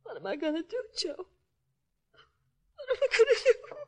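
An anxious young soldier's wife in a 1940s radio play, with a high, bright voice. Her plain, working-class way of speaking turns pleading and raw as she fears the worst. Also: lively intonation, normal speed. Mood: grieving.

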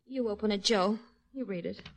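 An actress playing a frightened, grieving young wife of a soldier in a 1940s radio drama, with plain working-class speech. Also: female voice, mid-range voice, moderate pace, noisy background, close to an everyday voice. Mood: fearful.

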